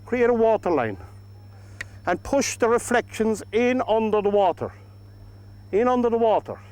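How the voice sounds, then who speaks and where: An Irish man giving a painting demonstration outdoors by a lake, talking gently and coaxing the paint onto the canvas. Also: sits high, expressive, normal speed, clean tone, poor audio. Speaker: painting instructor.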